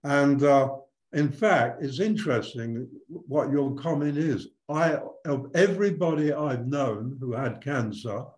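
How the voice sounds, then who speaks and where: A man's voice: mid-range voice, unhurried, hardly any pauses, darkish tone, echoey room, low-quality recording. An older man, a spiritual teacher, talking reflectively and telling stories in an interview, with frequent restarts. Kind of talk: conversational interview storytelling.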